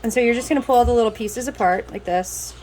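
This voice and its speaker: A woman's voice: on the high side, quick pace, a little mellow, a little hiss or hum. Chatty young woman vlogging at home. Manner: chatty, teasing, rambling with frequent laughs. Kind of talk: casual home vlog chat. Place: busy family home kitchen.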